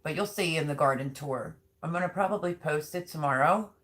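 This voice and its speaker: Middle-aged woman, deep speaking voice, easygoing rambling host of a home live chat. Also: fairly quick, fairly bright tone. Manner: chatty, rambling, many ums. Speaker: livestream host. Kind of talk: casual live chat reading comments.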